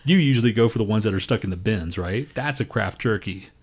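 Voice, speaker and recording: A man co-hosting a podcast, talking in loud, profane, ranting casual banter. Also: on the low side, lively intonation, fast, slightly rough. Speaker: podcast co-host.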